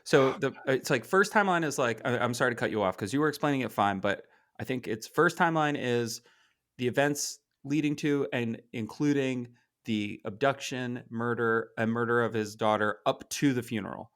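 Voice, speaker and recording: A man co-hosting a podcast, explaining a comic book's timelines in a chatty, halting way with restarts. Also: mid-range voice, a bit bright. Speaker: podcast co-host. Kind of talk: casual comic book discussion.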